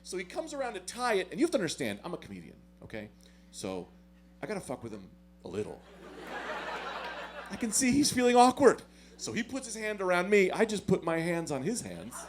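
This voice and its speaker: A male stand-up comedian with a high voice that leaps around wildly. He tells self-deprecating stories with big swings in volume. He keeps the delivery animated and punchy throughout his set. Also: a little fast, crowd noise.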